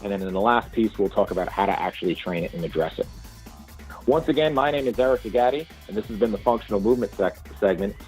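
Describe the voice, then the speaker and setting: A man's voice: lowish voice, expressive, fast, darkish tone, faint music behind, poor audio. A man hosting an instructional segment on movement training, walking through points methodically one by one. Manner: methodical, lists points step by step. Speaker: segment host, movement coach.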